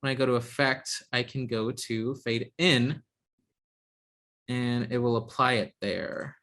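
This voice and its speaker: A man teaching an online software class over a video call, talking in a hesitant way with many ums and restarts. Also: medium pitch, takes it slowly. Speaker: instructor.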